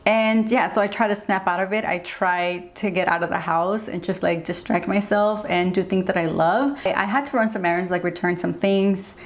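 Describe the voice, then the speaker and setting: A woman's voice: medium pitch, normal speed, few pauses. A young woman speaks to her audience in a get-ready-with-me vlog. She sounds earnest and open. Her speech rambles, with frequent "like"s and unplanned turns. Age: young adult. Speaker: beauty vlogger.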